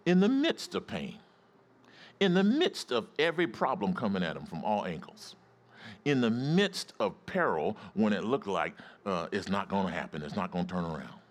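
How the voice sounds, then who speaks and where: A man's voice: lowish voice, big pitch swings, normal speed. A male pastor preaching a sermon, emphatic and calling out to his congregation for responses.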